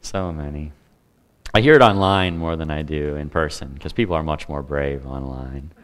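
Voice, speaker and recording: A man's voice: extremely low pitch, moderate pace. A man preaching a sermon in a conversational way, with humor and asides to the congregation. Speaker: pastor.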